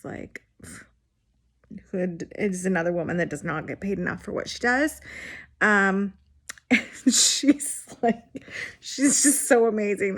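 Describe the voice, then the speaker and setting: A woman's voice: mid-range voice, gravelly. A woman in her forties telling her own hospital story on a vlog, frank and unfiltered, with the odd swear word and wry laugh. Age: 40s. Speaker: vlogger sharing her illness story. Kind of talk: candid personal storytelling.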